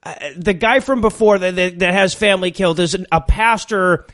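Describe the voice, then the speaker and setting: A man's voice: high voice, fairly quick, fairly bright tone. A man co-hosting a podcast in casual comedic chat, mocking a movie with wry, profane riffs. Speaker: podcast co-host.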